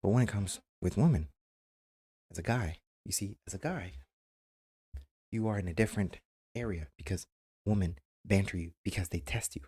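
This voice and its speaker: Deep, husky man giving blunt advice. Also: moderate pace, pauses often, dark tone. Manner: emphatic, repeats himself, acts out quoted banter. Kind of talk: casual advice monologue. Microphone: webcam mic.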